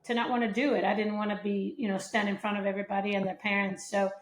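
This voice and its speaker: A woman's voice: medium pitch, level tone, fast. A woman from Sweden, answering interview questions modestly and with hesitant fillers. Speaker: guest, professional golfer. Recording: echoey room.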